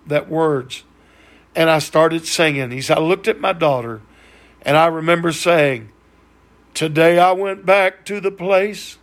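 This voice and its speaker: A man preaching, slowly and earnestly retelling another man's testimony. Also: on the high side, gravelly. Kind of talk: sermon storytelling.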